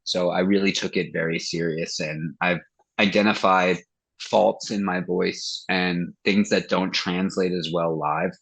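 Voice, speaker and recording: A metal singer being interviewed on a podcast, talking in a loose, profane way. His voice sits low and a little husky. He acts out what others said to him as he tells his stories. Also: fairly even intonation, a little slow, fairly bright tone, rough recording. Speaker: guest singer of a metal band. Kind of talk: casual interview chat.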